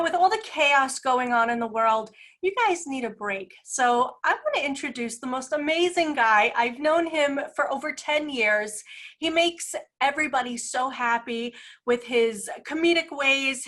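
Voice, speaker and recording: A woman's voice: high voice, unhurried, fairly bright tone, roomy sound, distant mic, poor audio. A woman hosting a talk show, introducing and interviewing a guest in an enthusiastic, laughing manner. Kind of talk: upbeat interview.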